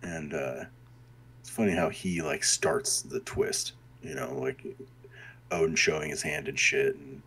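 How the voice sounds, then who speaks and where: A man's voice: a bass voice, measured pace, pushed and bright, breathy edge. A man talking loosely in a casual chat about a video game, rambling and swearing freely.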